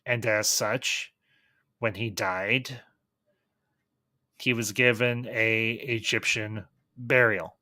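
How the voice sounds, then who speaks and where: A man giving a casual, enthusiastic review of a TV series, pausing and restarting as he thinks aloud. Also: fairly low pitch, fairly even intonation, pushed and bright, dry recording. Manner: thoughtful, enthusiastic, with frequent restarts. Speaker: film reviewer.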